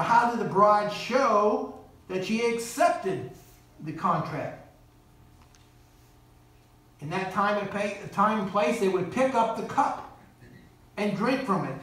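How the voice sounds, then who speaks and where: Male preacher, high voice, heard from off the mic in a very echoey church hall. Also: a bit bright, recorded from a distance. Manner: earnest preaching with quoted voices and asides. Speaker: guest preacher. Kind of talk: sermon. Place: church sanctuary.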